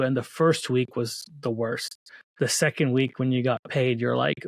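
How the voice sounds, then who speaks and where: A man's voice: medium pitch, steady tone, moderate pace, gravelly, no room sound. Earnest man telling his story, dry sound. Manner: earnest, faith-filled storytelling with restarts. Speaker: guest, children's book author. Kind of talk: casual interview talk.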